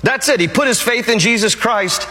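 A man's voice: very high voice, moderate pace, sharp tone, long reverb tail. A male pastor preaching a sermon emphatically and repeating his key phrases.

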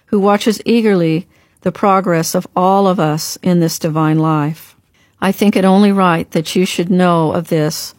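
An earnest, encouraging brother, voiced by a woman narrator offers measured praise. The delivery is steady and low-pitched. It sounds close and dry, like an audiobook reading. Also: no room sound, natural voice.

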